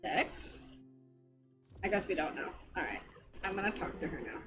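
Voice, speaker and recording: A woman's voice: lowish voice, very animated, moderate pace, long pauses, over music. A woman streamer playing a game and chatting, reading the characters' dialogue aloud in playful voices. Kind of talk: casual let's-play commentary.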